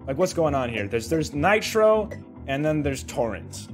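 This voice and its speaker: Hoarse, excitable young streamer. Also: male voice, on the high side, a little slow. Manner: excitable, swearing, exclamatory reactions. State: hoarse, tired voice. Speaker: gaming streamer. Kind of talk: excited gaming commentary. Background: faint game music.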